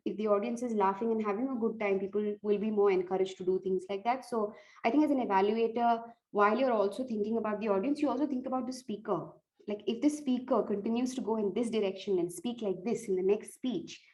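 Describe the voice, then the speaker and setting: A woman's voice: mid-range voice, a little mellow, dull audio. A woman giving earnest, direct tips on evaluating speeches, restarting phrases as she goes. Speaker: speech contest coach.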